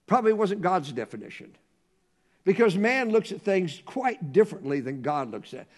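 Guy preaching, pretty high voice, goes quiet then booms out on the big words. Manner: dynamic delivery, swinging from hushed to loud emphasis; reads scripture in a slow, measured cadence. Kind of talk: sermon.

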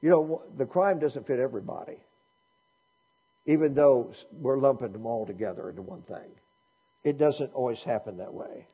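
A man's voice: mid-range voice, normal speed, dark tone, slightly rough, dull audio. A man preaching a sermon in a conversational way, asking his listeners many rhetorical questions. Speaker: pastor.

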